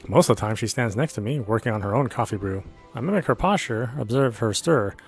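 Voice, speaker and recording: A man's voice: medium pitch, animated, brisk, breathy edge. A man reading a visual novel aloud in an earnest first-person narration. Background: faint background music.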